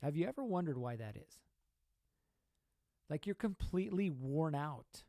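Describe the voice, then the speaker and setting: A man's voice: a little high, expressive, a little slow, dark tone, dry recording. A young man hosting a podcast, giving an emphatic motivational talk full of rhetorical questions and repeated points. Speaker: podcast host.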